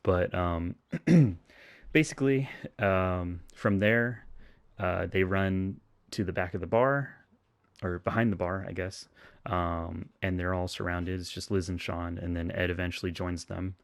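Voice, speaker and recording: A man with a very low voice talks through a film plot in loose, rambling podcast chat. He hesitates with frequent ums and restarts and laughs often. The sound is close and dry, with no room echo. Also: steady tone, measured pace, gravelly. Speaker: podcast co-host recapping a film. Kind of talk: casual chat.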